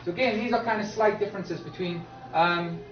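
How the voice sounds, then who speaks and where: A British English teacher lectures a class, slowly stressing key words and repeatedly asking "okay?" to check understanding. His voice is high-pitched, heard from far off in an echoey classroom, with dull lo-fi sound and a little hiss or hum.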